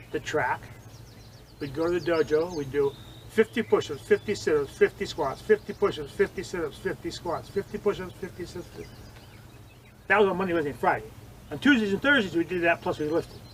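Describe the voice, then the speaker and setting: An older man telling vivid stories in an interview, acting out quoted lines and swinging between loud and hushed. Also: a little high, fairly quick, a little hiss or hum, poor audio. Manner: animated storyteller, acts out quotes, swings loud and soft. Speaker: interviewee, former judo training partner. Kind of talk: storytelling interview.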